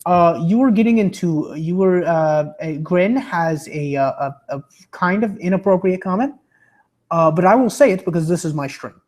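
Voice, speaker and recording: A young man livestreaming and chatting with viewers, stammering and restarting a lot, his voice rough from a sore throat and his pitch wandering up and down. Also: normal speed, a little mellow. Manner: rambling, stammering, with many restarts; pitch fluctuates, drifting into a bouncy entertainer's voice. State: sore throat from being sick. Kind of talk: casual chat reading viewer comments.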